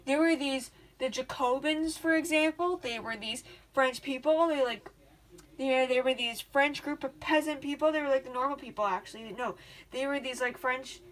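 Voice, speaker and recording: A bubbly woman with a slightly high voice talks through study questions, rambling and restarting as she goes. She gets gushingly excited, slips into slang and the odd swear, and keeps the tone loose and chatty. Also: normal speed. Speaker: student tutor. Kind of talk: casual study-guide talk.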